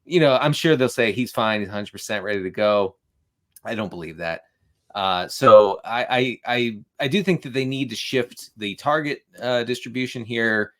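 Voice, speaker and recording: A man analyzing football on a podcast, steady and full of statistics. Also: mid-range voice. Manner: steady, stat-heavy, measured. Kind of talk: casual sports analysis.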